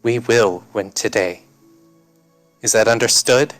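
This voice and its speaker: A man's voice: mid-range voice, takes it slowly. A man playing a brash, profane male soldier commander giving rousing orders, with faint music behind. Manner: rousing, swearing, forceful.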